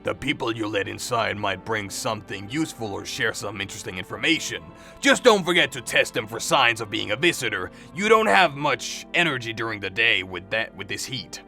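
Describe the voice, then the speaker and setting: A man's voice: lowish voice, lively intonation, brisk, creaky, sharp tone, soft background music, voice pushed down, full character voice. A man voicing a friendly, laid-back male neighbor in a game, giving folksy advice. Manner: matter-of-fact, folksy advice. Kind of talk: game dialogue read aloud.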